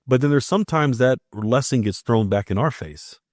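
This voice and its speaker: A Maryland man hosts a podcast, casually chatting and recounting family stories while acting out the dialogue. His mid-range voice is animated and a little mellow, moving at a moderate pace, captured dry with clean studio sound.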